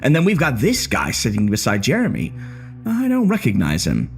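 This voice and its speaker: Brief: taunting, bitter gunman, put on by a male narrator, wildly swinging pitch, soft music bed. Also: huge pitch swings, normal speed, creaky. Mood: mocking. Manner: mocking, swaggering taunts. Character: bitter, sneering male gunman holding hostages. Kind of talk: horror story narration.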